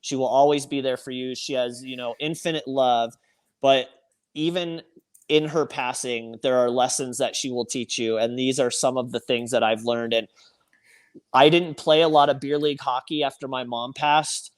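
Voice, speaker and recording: Man, podcast guest, earnest, reflective, halting restarts, mid pitch. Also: steady tone. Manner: earnest, speaks of grief with restarts. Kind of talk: reflective conversation.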